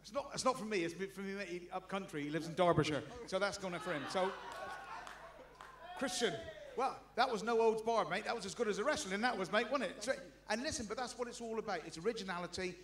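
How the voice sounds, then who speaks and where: A man's voice: high-pitched, fairly quick, fairly bright tone. A man hosting a comedy showcase, chatting in a chummy, matey way with the act. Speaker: showcase host. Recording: echoey venue with crowd.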